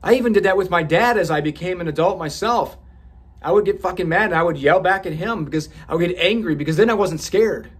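Husky man telling a candid story. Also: high-pitched, fast. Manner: candid and profane, with frequent restarts and laughter. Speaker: podcast host.

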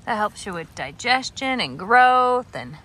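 A woman's voice: a little high, sing-song, a little slow, pushed and bright. A woman vlogging outdoors on a farm, chatting casually and cooing at her goats, with frequent laughter. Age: adult, working a day job. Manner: coos and baby-talks to goats, laughing often. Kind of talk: casual vlog narration.

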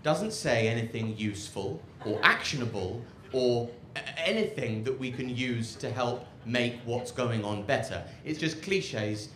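A man's voice: mid-range voice, lively intonation, measured pace, hardly any pauses, slight background noise. A man doing live stand-up comedy in a sardonic, rambling way, often cutting himself off. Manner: rambling, self-interrupting, sardonic. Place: rooftop comedy club. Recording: echoey live venue with loud crowd.

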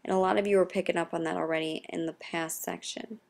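A young woman, a math teacher, explaining a recorded lesson in a quiet, half-whispered voice. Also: lowish voice, fairly even intonation, fast, vocal fry.

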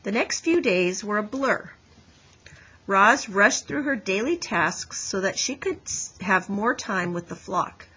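A woman teacher reading a chapter book aloud to her class over a video call, with clear, explanatory storytelling. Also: mid-range voice, animated, a little slow, pushed and bright, rough recording.

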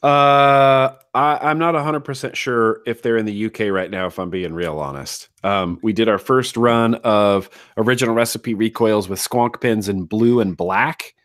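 A man with a lowish voice talks as an eager guest in a relaxed interview. He tends to repeat his phrases for emphasis. The sound is dry and close. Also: normal speed, few pauses, no echo. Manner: enthusiastic, repeats himself for emphasis. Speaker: guest, atomizer designer. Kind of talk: casual interview chat.

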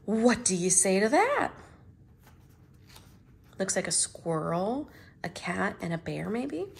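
A young adult woman reading picture books aloud to children, chatting with her young listeners in an animated, warm-hearted way. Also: mid-range voice, takes it slowly, creaky, pauses often, a little hiss or hum. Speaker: storyteller.

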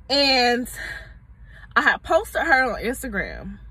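A woman's voice: high-pitched, animated, unhurried, bright, forceful tone, slightly rough, rough recording. Candid, profane young woman storyteller. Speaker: mommy YouTuber. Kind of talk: storytime vlog.

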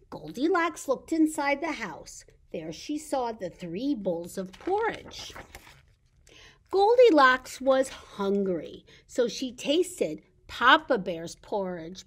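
A woman leading a recorded baby storytime at a library, talking in an animated sing-song way for babies and caregivers. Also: fairly high pitch, slow. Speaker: children's librarian. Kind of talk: baby storytime with songs and reading.

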